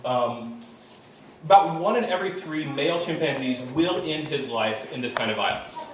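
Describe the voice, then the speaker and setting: A man giving a lively university lecture, now and then acting out animal calls. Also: fairly high pitch, moderate pace. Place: large lecture hall. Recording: echoey lecture hall, distant mic, background noise.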